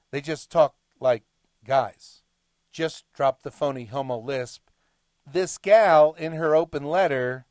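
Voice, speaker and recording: Slow, deliberate male talk show host. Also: fairly high pitch, a little mellow, no echo, studio quality. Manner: deliberate, emphatic, lecturing delivery. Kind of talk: monologue commentary.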